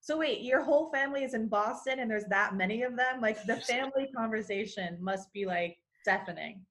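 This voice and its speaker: A woman from Texas, a podcast guest chatting casually, inquisitive and quick to laugh. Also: on the high side, a bit bright. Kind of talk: casual chat.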